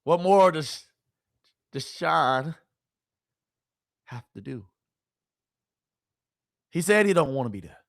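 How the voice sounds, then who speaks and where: A woman streamer giving casual, animated sports commentary, full of rhetorical questions and slang. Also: low-pitched, takes it slowly, vocal fry, long pauses.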